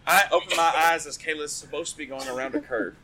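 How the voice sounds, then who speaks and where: A man casually telling a rowdy story on a podcast, animated and swearing, laughing often. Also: on the high side, normal speed, a little hiss or hum, poor audio.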